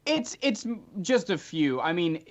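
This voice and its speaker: Male game master, animated pitch, narrates a tabletop game in a dull lo-fi recording. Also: measured pace. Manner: animated, chatty narration with frequent filler ums.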